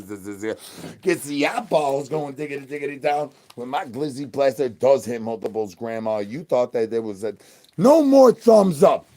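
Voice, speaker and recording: Young man, goofy slangy streamer, rambles nonsense, mid-pitched voice, hype then mumbly. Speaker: streamer in costume. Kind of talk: rambling improvised livestream banter.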